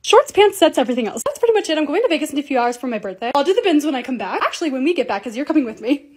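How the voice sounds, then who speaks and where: A woman's voice: high voice, sing-song, rapid-fire, darkish tone. A young woman narrating her organizing and shopping vlog in a bubbly, chatty way, gushing over cute things. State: hoarse, losing her voice. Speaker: lifestyle vlogger.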